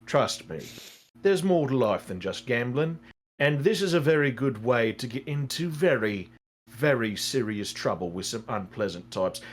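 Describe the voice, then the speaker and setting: A man voicing a calm, worldly adventurer who gives courteous, measured advice. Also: mid-range voice, slight background noise, close to an everyday voice. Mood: advising. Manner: measured, courteous, gently lecturing.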